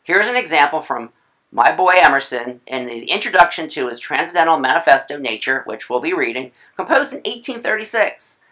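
A writing instructor delivers a chatty recorded video lecture in a mid-range, sing-song voice that sounds pushed and bright. She sprinkles in playful asides and corrects herself quickly.

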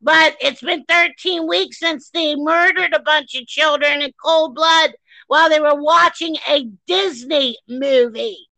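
A woman co-hosting a podcast, ranting furiously with heavy swearing and shouts. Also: high voice, measured pace, no echo, poor audio. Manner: reads a news article aloud. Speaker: podcast co-host. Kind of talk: angry podcast discussion.

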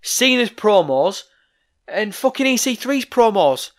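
A young man hosting a solo wrestling news vlog, ranting with heavy swearing while his voice goes hoarse. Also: sits high, very animated, measured pace. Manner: profane, ranting, fired-up opinions. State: voice going hoarse.

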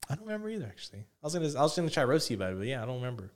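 A man's voice: mid-range voice, big pitch swings, very fast. A young man co-hosting a podcast, telling stories in a rambling, profane, casual chat. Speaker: podcast co-host.

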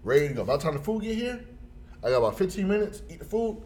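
Male co-host, lively swooping delivery, casual story with a faint noise bed. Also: quick pace. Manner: animated, jumps into high voices for quoted people.

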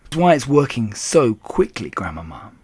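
A man's voice: medium pitch, normal speed, husky, no echo. A man reading aloud voices an eager young boy who has been turned into a mouse. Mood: excited. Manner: eager, excited.

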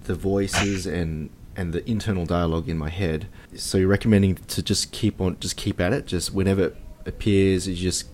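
A man's voice: low voice, steady tone, normal speed, a little mellow, slight background noise. A man interviewing a guest, attentive and affirming, asking follow-up questions.

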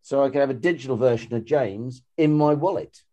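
A man's voice: medium pitch, brisk, warm tone. A man co-hosting a casual podcast, talking in rambling sentences full of restarts and fillers. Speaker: podcast co-host.

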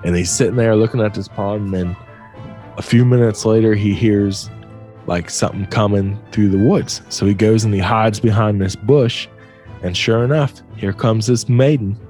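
A man's voice: lowish voice, fairly even intonation, moderate pace, dark tone, faint music behind. Young man telling a story, loose and profane. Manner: loose, profane, laughing often. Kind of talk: casual storytelling.

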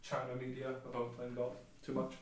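A man's voice: medium pitch, monotone, a little fast, roomy sound, a little hiss or hum. A man co-hosting a podcast, chatting enthusiastically and teasing his friend. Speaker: podcast co-host. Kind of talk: casual chat.

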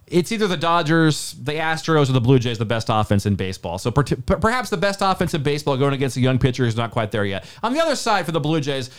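A man co-hosting a sports betting podcast, talking casually and getting hyped up as he pitches his pick. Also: clear, resonant tone. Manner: excitable, hyped-up pitch delivery.

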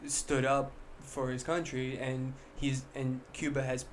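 A man in casual podcast chat, excitable and slangy, often repeating words as he talks. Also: mid-range voice, unhurried, slight background noise.

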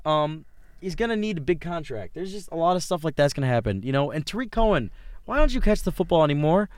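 A young man co-hosting a podcast, chatting casually and excitedly about football, laughing often and trailing off mid-sentence. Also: on the high side, fast talker, smooth, no echo. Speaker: podcast co-host. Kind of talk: casual sports chat.

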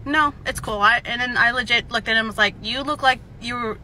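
A woman's voice: on the high side, brisk, pushed and bright, slight background noise. A woman telling a dating story in a casual clip, rambling and frustrated as she quotes what was said. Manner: rambling, frustrated, quoting others.

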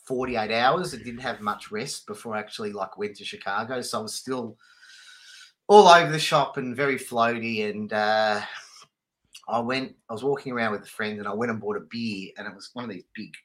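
A man's voice: lowish voice, fairly quick, fairly bright tone. A man, a podcast co-host telling stories casually, laughing and swearing freely. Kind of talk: casual chat.

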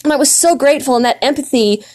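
A woman's voice: sits high, quick pace, darkish tone. Earnest woman podcast host. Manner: earnest, reflective storytelling with frequent fillers. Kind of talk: faith-based podcast monologue.

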